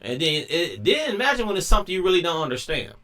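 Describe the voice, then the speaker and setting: A man's voice: a little high, sing-song, fast, bright, forceful tone. A man talking casually in a rambling monologue, full of slang and restarts. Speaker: commentator.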